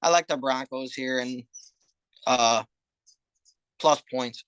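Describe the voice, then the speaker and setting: A man's voice: medium pitch, takes it slowly, fairly bright tone, smooth, no room sound. A man co-hosting a sports betting podcast, talking casually with a lot of hesitation fillers. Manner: hesitant, lots of uh and um. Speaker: podcast co-host.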